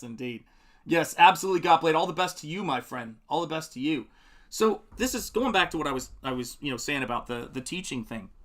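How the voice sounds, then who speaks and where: A man's voice: medium pitch, fairly bright tone. A middle-aged man hosting a live painting stream, chatting in a rambling, friendly way, answering viewer comments and laughing often while he works. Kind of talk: casual live-stream chat.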